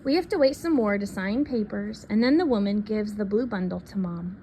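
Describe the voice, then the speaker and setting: Woman reader, picture-book read-aloud, soft and unhurried, faint background hiss. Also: mid-range voice.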